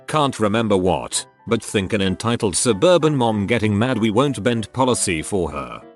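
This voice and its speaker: Guy reading reddit-type stories out loud, kinda low voice, matter-of-fact, lots of ups and downs in tone. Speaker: narrator. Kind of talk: reading online stories aloud.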